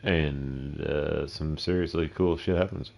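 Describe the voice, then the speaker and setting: A man's voice: very deep voice, steady tone, takes it slowly, gravelly, a little mellow, dull audio. A middle-aged man giving casual, rambling, profane commentary while streaming a game, often talking to himself. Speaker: gameplay streamer.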